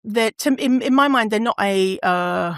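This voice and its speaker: A woman's voice: medium pitch, moderate pace, gravelly, no echo, clean studio sound. Candid woman hosting a podcast. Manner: candid, swears freely, laughs often, acts out quoted voices. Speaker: podcast host. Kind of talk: casual solo podcast monologue.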